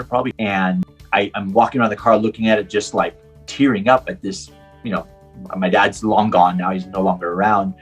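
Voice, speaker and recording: A man's voice: on the low side, slightly rough. A middle-aged man from Puerto Rico who is a professional driver, telling a personal story in an interview and acting out the dialogue. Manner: animated storyteller, acts out quoted dialogue.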